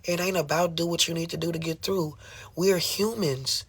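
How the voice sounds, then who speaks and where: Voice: medium pitch, flat delivery, fast, a bit bright, husky. Impassioned speaker ranting on a livestream. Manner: confrontational, rhetorical questioning, repeats phrases; swearing, impassioned. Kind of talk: emotional livestream rant.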